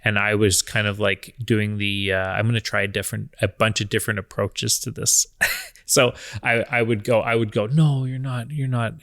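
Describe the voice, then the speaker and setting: A man in his thirties co-hosting a casual talk about marriage, calm and even-toned, thinking aloud with restarts. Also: fairly low pitch, moderate pace, creaky, dry recording, clean studio sound. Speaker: podcast co-host.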